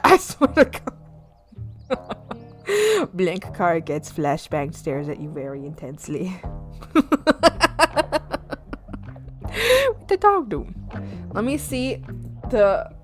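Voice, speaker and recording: A young woman streaming her art from home, chatting casually with viewers, giggling often and yelling playfully at her pets. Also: medium pitch, huge pitch swings, slow, long pauses, faint music behind. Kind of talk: casual live-stream chat.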